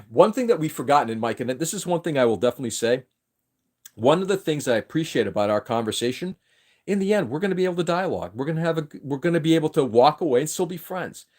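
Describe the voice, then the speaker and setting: A man's voice: on the high side, lively intonation, fast. A man from New England hosting a casual livestream, ranting with strong opinions and frequent restarts. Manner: opinionated, emphatic, restarts sentences often. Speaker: livestream host. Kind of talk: casual political rant on a livestream.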